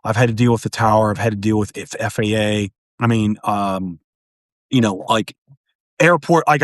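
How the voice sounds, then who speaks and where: A man hosting a casual political discussion, rambling with frequent restarts and animated jokes. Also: mid-range voice, dry recording, clean studio sound. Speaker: podcast host.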